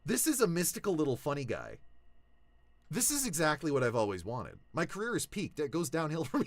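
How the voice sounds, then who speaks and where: Young man, casual vlog chat, animated, lively pitch, dry close mic. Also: brisk, dry recording. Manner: animated, swinging from low mutters to excited shouts. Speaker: voice actor.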